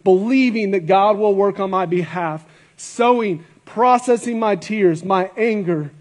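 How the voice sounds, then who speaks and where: A guest pastor preaching at a church service, a man with a noticeably high-pitched voice. He speaks earnestly and presses his points with rhetorical questions and repeated phrases. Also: a little mellow. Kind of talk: sermon.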